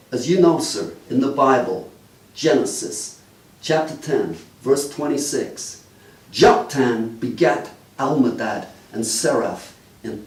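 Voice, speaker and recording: A man doing live character comedy as a detective, delivering deadpan mock-official patter to the audience. His pitch swings widely. He echoes through a live venue and is picked up from a distance, with faint noise behind. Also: unhurried.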